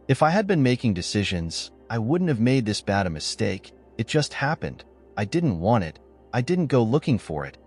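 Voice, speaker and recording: A man's voice: mid-range voice, big pitch swings, moderate pace, darkish tone, husky, soft background music. A man reading the part of a remorseful pleading wife. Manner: pleading, apologetic. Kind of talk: storytelling narration.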